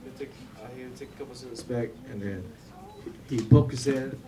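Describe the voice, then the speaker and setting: A man's voice: mid-range voice, fairly quick, a crowd in the background. A young man giving an informal eulogy for a family member, rambling with lots of fillers and laughing between stories. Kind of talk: informal memorial speech. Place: memorial gathering room. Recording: distant mic with clear background noise.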